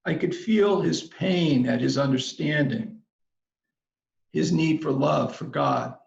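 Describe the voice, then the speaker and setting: A man delivers a commencement address in a slow, unhurried way, with a gravelly edge and a fairly high pitch. His telling is measured and reflective. The recording is roomy and a little dull. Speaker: commencement speaker.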